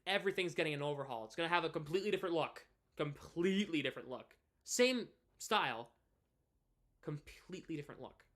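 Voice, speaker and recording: A man's voice: on the high side, animated, quick pace, a bit bright. A man of twenty from New England, chatting casually on a live stream and rambling through many restarts and fillers. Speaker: live streamer and hockey podcaster.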